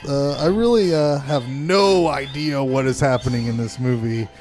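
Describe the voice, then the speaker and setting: A man's voice: medium pitch, normal speed, darkish tone, soft background music. A man co-hosting a horror movie review podcast, chatting casually, laughing often and swearing freely. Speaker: podcast co-host.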